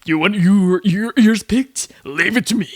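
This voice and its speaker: A man voicing a mischievous male spirit in a whispered role-play of soothing ear-cleaning ASMR, soft and coaxing. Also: high-pitched, unhurried, no echo, clean studio sound, pitched above the performer's own voice.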